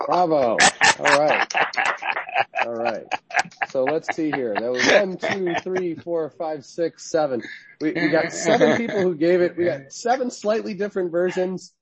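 A man's voice: fairly high pitch, measured pace, dull audio, over a noisy crowd. A man leading a team meeting, speaking casually and stumbling a little over his words. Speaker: meeting leader.

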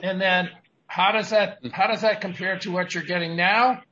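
A man coaching his team on their pitch in a meeting, talking in an emphatic, repetitive, upbeat way. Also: fairly even intonation, moderate pace, lo-fi sound, background noise. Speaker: sales coach.

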